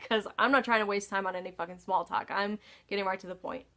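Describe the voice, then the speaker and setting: A woman's voice: medium pitch, fairly even intonation, brisk, bright, forceful tone. Exasperated woman telling a story. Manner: exasperated, sighing, swears freely. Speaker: storytime vlogger. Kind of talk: casual storytelling.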